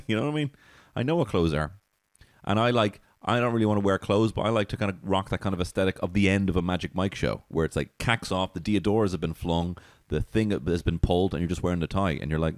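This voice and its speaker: A low-pitched man hosts a comedy podcast. His monologue is loose, sweary and full of chuckles. The voice sits close and dry, with no room sound. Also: animated, fairly quick, no echo. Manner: profane, giggly and rambling.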